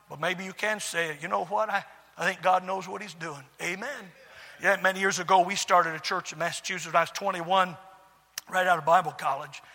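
A man's voice: sits high, sharp tone. A middle-aged man preaching a sermon, telling folksy stories with many fillers and restarts. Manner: folksy storytelling, repetitive, frequent fillers and restarts. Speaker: pastor. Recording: long hall reverb.

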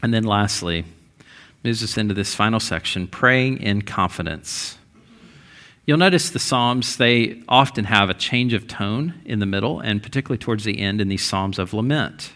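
A man's voice: on the low side, moderate pace, fairly bright tone. A male pastor giving a conversational sermon, with frequent restarts and rising, emphatic stretches.

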